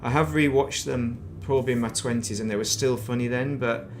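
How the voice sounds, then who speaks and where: A man's voice: mid-range voice, steady tone, fairly quick, slight background noise. A middle-aged man chatting casually while streaming a game, rambling and reminiscing and muttering to himself. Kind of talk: casual gaming stream chat.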